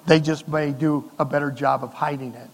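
A man's voice: on the high side, steady tone, normal speed, vocal fry. Man preaching in a reverberant church. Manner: conversational preaching, rhetorical questions, rising and falling emphasis. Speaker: pastor. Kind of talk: sermon. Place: church sanctuary.

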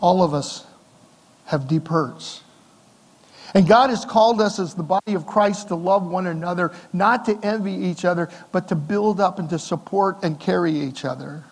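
A middle-aged pastor preaches in a conversational way, asking the congregation questions and moving between quiet, low moments and emphatic lines. His voice sits a little high for a man. A long church reverb trails after his words. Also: moderate pace. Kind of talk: sermon. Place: church sanctuary.

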